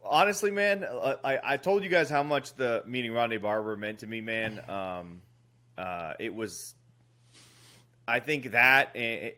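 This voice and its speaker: A male podcast co-host in casual chat, telling an animated story and swearing freely. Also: lowish voice.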